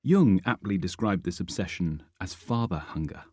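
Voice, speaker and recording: Deep husky man reading an audiobook. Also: animated, normal speed, darkish tone, no echo, studio quality. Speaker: audiobook narrator. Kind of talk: first-person audiobook narration.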